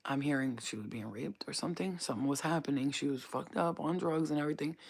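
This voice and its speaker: A woman's voice: deep voice, fast talker, gravelly, a little mellow, breathy edge. A woman livestreaming as a psychic reader, casually telling a story to her chat, swearing often and repeating phrases for emphasis.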